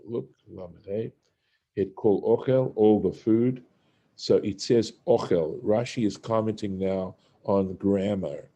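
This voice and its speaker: Slow, deep, dark-toned male teacher. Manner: unhurried, reads Hebrew and translates phrase by phrase. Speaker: Torah teacher. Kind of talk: verse-by-verse study lesson.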